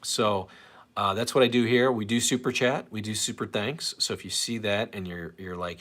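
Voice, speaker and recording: A man's voice: lowish voice, steady tone, normal speed, a bit bright. Rambling man hosting a live stream. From St. Louis area, USA. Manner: rambling, self-deprecating, reads comments aloud. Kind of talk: casual live stream chat.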